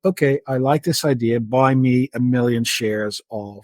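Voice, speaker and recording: A middle-aged man, a guest on a podcast, talking through his past work in a relaxed, conversational way, often repeating words and restarting his sentences. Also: medium pitch, measured pace, dry recording. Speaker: podcast guest, market analyst. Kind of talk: conversational interview.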